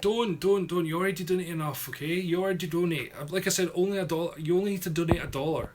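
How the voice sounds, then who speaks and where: A man's voice: fairly high pitch, quick pace, background noise. Chatty Scottish man with an Ayrshire accent. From Scotland. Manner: chatty, rambling, swears casually. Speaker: YouTuber streaming a Q&A. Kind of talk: casual live-stream chat reading comments.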